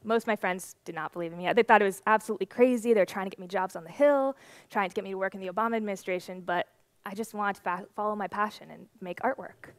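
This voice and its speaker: A young woman in her twenties speaks from a conference stage into a stage microphone. She tells her story in a lively, animated way. The sound is dry and close, with almost no room echo. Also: medium pitch, quick pace. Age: 20s.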